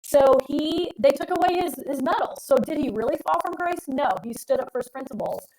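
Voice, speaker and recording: Middle-aged woman, astrologer co-host, rambly and emphatic, voice sits a bit high. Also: fairly quick, a little mellow, low-quality recording. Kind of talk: casual live-stream chat.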